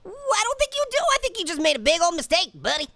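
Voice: very high-pitched, very animated, rapid-fire, creaky, bright, forceful tone, slight background noise, heavily acted. A performer voicing a cheeky, hyper male cartoon orange who narrates a comedic VR boxing playthrough, taunting and cackling constantly. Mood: taunting glee. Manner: taunting, giggly, constant cackling laughs and wisecracks. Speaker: gameplay commentator.

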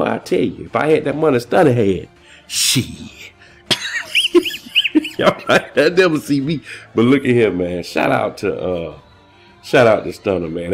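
Slangy, excitable man with a low voice. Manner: excitable, slangy, rambling shout-outs. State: out of breath. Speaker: crypto vlogger. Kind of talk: casual vlog monologue.

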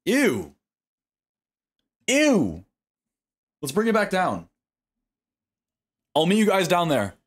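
Animated male streamer talking to himself. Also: sits high, takes it slowly, pauses often. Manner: animated self-talk, frequent swearing; pleads and coaxes himself through attempts. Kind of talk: live game commentary.

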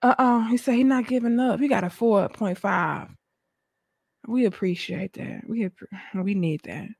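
A woman hosting a live stream, reacting to her chat with dramatic, theatrical despair and swinging between shouted pleas and low mutters. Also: unhurried, vocal fry, breathy edge, dry recording. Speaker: livestream host.

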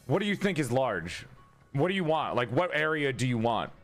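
A streamer in casual banter, animated and swearing freely, laughing often. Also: male voice, mid-range voice, moderate pace, faint music behind.

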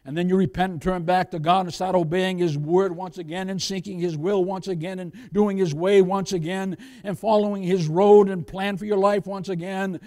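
A man preaching a sermon as pastor, swinging from loud exhortation down to near-whispers, with many calls of "beloved" and "Amen?". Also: sits high, in a large hall. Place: church sanctuary.

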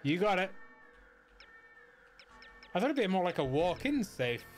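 A man's voice: sits high, very animated, measured pace, soft background music. A man giving casual, wry commentary while playing a video game, muttering dry asides to himself. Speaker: let's play gamer.

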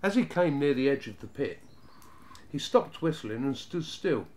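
A man narrating a children's storybook in a steady, even reading voice. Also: medium pitch, moderate pace, slight background noise.

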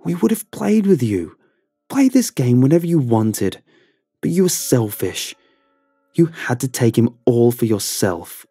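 A man's voice: sits low, flat delivery, very slow, pauses often, a little mellow, dry recording, clean studio sound, faint music behind, exaggerated voice. A man voicing a desperate young man who pleads in a raised, strained voice in a horror story. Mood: accusing. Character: desperate young man, haunted by his brother.

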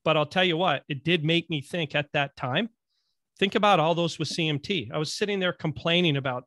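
A man's voice: a little high, a little fast, fairly bright tone. A man from Vermont co-hosting a podcast in casual chat, joking and teasing. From Vermont, USA. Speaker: podcast co-host.

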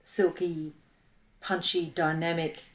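A woman's voice: fairly low pitch, level tone, slow pace. Enthusiastic Australian woman co-hosting a podcast. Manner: enthusiastic, agreeable, reads listener comments. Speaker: podcast co-host. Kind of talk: casual podcast chat.

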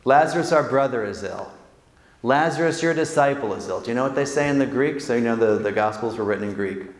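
A man, a Jesuit priest, giving an animated, joking talk to an audience, acting out quotes and often tagging lines with "right?". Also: medium pitch, fast talker. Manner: animated, jokey, acts out quotes, frequent "right?" tags. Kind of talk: lively faith talk to an audience. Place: large hall with audience. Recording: echoey hall with long reverb.

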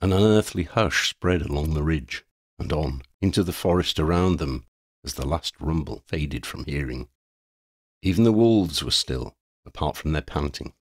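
A man narrating an audiobook, reading steadily with expressive storytelling. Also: a bass voice, normal speed, no echo, clean studio sound. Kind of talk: scripted narration.

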